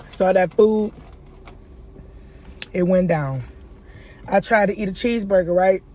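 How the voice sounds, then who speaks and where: A woman's voice: mid-range voice, measured pace, darkish tone, a little hiss or hum. A woman giving a casual life-update vlog, telling a long story in a chatty way and speaking straight to her viewers. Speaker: YouTuber.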